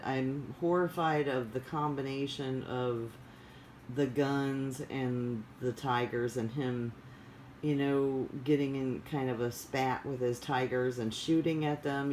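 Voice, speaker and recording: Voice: medium pitch, a little mellow, a little hiss or hum, poor audio. A vlogger chatting casually in a rambling, digressive way with many fillers. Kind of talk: casual chat.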